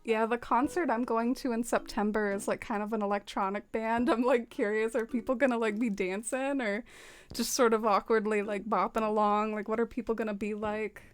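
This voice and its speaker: Chatty higher-voiced young woman streamer. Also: steady tone, a little fast, clear, resonant tone. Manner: chatty, many fillers, laughs often. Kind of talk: casual livestream chat with viewers.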